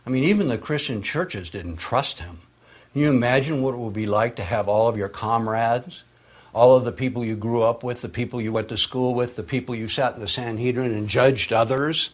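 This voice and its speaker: A man delivering a sermon at a middle pitch. His voice drops low and quiet for reflective points and rises loud and urgent for emphasis. He leans on dramatic pauses between phrases. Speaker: preacher.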